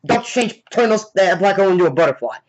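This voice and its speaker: Excited man retelling a movie. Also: high voice, fast. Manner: excited play-by-play retelling with sound effects. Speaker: movie reviewer. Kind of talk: casual spoken movie review. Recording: dull lo-fi recording.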